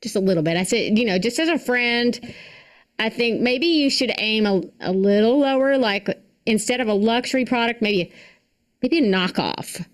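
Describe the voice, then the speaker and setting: A woman doing a stand-up comedy set, landing short wordplay punchlines in a dry, deadpan way. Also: on the high side, normal speed.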